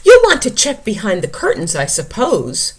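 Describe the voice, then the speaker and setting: A woman's voice: on the high side, huge pitch swings, normal speed, voice pushed up. A woman voicing a nervous, grumpy male bear in a picture-book read-aloud, wailing and fussing dramatically. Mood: fussy. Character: anxious grumpy male bear who can't sleep.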